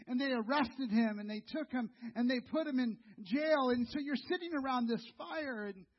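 A middle-aged male pastor with a high, husky voice preaches a sermon as a conversational story, addressing listeners directly as "you". He speaks at a moderate pace, and the recording sounds dull and lo-fi.

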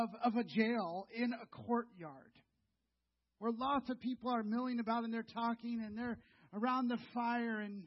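A middle-aged male pastor with a high voice delivers a sermon as a conversational story, speaking straight to his listeners as "you". His tone is husky, and the recording sounds dull and lo-fi.

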